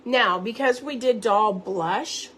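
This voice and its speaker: A woman's voice: fairly high pitch, takes it slowly, fairly bright tone, slight background noise. A woman giving a chatty live makeup tutorial at home, talking viewers through each step. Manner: chatty, instructive, addresses viewers directly. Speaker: makeup seller and beauty teacher.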